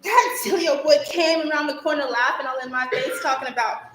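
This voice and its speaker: On stage, a young woman plays a spirited girl reliving her childhood, telling it vividly and rhythmically in a theatrical monologue. She speaks fairly quickly in a high, somewhat bright voice. The echoey live recording has a little hiss or hum.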